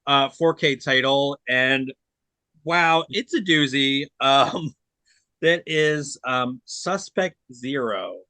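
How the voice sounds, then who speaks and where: Male podcast co-host, forceful bright tone, dry close sound; casual and blunt, rambles with fillers. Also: mid-range voice, takes it slowly, clean tone, no echo. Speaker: podcast co-host reviewing disc releases. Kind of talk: casual chat.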